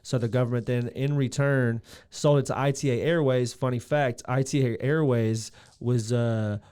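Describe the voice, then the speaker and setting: A man's voice: medium pitch, steady tone, moderate pace, a little mellow, clean tone. A man co-hosting a podcast, cracking jokes and loosely reading out background facts in casual chat. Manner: jokey, reads out trivia loosely. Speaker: podcast co-host.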